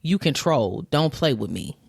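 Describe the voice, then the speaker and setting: This podcast co-host, a woman, animatedly recounts gossip in slang, quoting others along the way. Her rumbling low voice is gravelly with a breathy edge, at a moderate pace. The studio sound is clean and echo-free.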